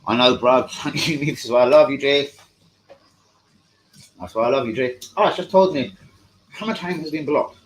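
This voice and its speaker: A man's voice: mid-range voice, moderate pace, long pauses, a little hiss or hum, poor audio. A young man hosting a live fan stream, profane, combative and mocking as he talks to his chat. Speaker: fan channel host. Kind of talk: live-stream football rant.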